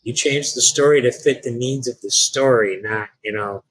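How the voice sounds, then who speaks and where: A man's voice: medium pitch, normal speed, a bit bright, husky, dry recording, rough recording. A man co-hosting a live stream, talking casually with frequent restarts and hesitations. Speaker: podcast co-host.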